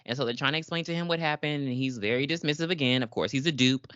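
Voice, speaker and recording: A woman's voice: rumbling low, fast talker, dry recording, highs cut off. A woman in her twenties co-hosting a podcast, casually recapping an episode with laughter and acted-out lines. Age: 20s. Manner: animated, laughing, acts out characters in voices. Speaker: podcast co-host.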